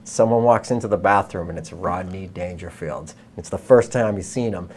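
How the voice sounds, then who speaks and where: A man in casual chat, retelling a story with lively quoted voices. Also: low-pitched, normal speed, slight background noise. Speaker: host.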